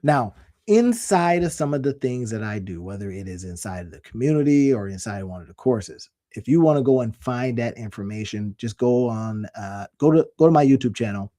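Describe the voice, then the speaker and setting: This online business coach has a mellow, medium-pitched voice and speaks fairly quickly with plenty of animation. Talking casually to camera, he's folksy and emphatic, often repeating himself for effect.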